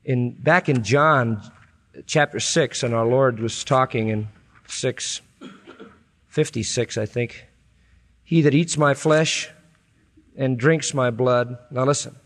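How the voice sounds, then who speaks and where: A male preacher reads scripture slowly with drawn-out, deliberate phrasing, then builds to loud, high-pitched emphasis at climaxes before dropping back low and slow. His sermon echoes with long hall reverb.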